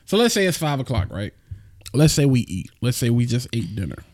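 A man's voice: mid-range voice, brisk. A young man, chatting casually as a podcast co-host and acting out his wife's lines as he tells stories. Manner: animated storytelling, acts out his wife's lines. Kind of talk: casual chat.

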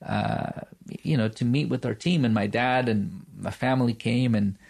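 A man's voice: mid-range voice, moderate pace, vocal fry, darkish tone, husky. A man, a pastor and church planter, telling personal stories in a podcast conversation, earnest and full of fillers and restarts.

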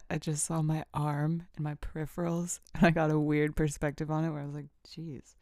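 A woman's voice: low-pitched, level tone, brisk, dark tone, no echo, clean studio sound. A woman hosting a casual solo podcast, rambling and giggly, often dropping to a whisper, alone in a small room at a podcast mic. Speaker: podcast host. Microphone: podcast microphone.

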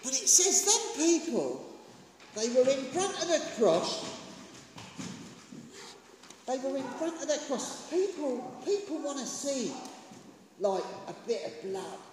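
A woman preaches slowly and with a swooping, lively pitch, talking with her congregation and putting questions to them. Her voice rings through a large, echoey hall with a long reverb tail, over a faint hiss. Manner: impassioned, conversational, asks the listeners questions. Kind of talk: sermon.

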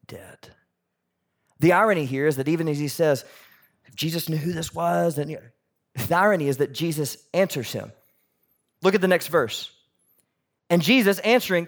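In a sermon delivered on the high side of his range, a male pastor talks to the congregation conversationally and animatedly, questioning them directly. His volume shifts from forceful emphasis to soft, almost whispered lines.

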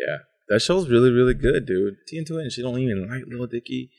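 A man hosting a podcast in casual chat, animated and profane, acting out quoted dialogue. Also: medium pitch, fast talker, vocal fry. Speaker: podcast host.

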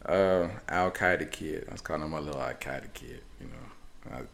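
A man's voice: rumbling low, fairly quick, vocal fry, fairly bright tone. A man in his forties telling rambling stories on a podcast, acting out the people in them. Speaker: podcast co-host. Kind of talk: casual storytelling chat.

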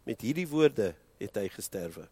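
A South African man preaching a sermon as pastor, impassioned and moving between hushed and loud delivery, switching between English and Afrikaans. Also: lowish voice, sing-song, normal speed, breathy edge, dry recording.

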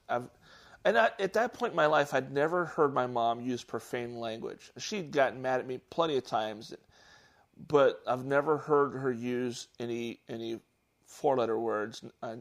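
A man casually telling a childhood story on a podcast, halting and restarting often. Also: medium pitch. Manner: halting, with many restarts and fillers; gets animated at the story's peak. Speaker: podcast host.

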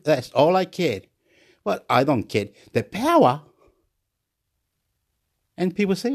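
A man rambling excitedly in a monologue vlog, laughing at himself and jumping between topics. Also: a little high, a little slow, pauses often. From Australia. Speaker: vlogger.

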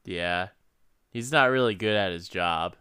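A man's voice: deep voice, measured pace, pushed and bright, smooth, no room sound, studio quality. A man co-hosting a casual podcast, joking profanely and laughing often. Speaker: podcast co-host. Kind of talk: casual chat.

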